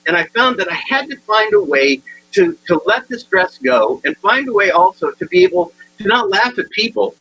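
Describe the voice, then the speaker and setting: A man in his sixties giving a humorous motivational talk, animated and acting out the people in his stories. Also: sits high, moderate pace, dull audio, slight background noise. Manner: animated storyteller acting out dialogue. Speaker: keynote speaker.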